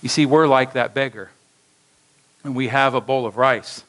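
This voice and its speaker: A man's voice: mid-range voice, normal speed, rough recording. A male pastor delivering a sermon in a church, telling a story and acting out its voices with animation. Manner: animated storytelling with acted quotes.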